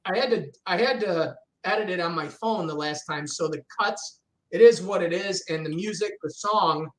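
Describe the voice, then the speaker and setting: A man's voice: high-pitched, normal speed, a bit bright, rough recording. A middle-aged man, a comedian guest chatting casually and animatedly, who swears and acts out voices. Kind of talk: casual chat.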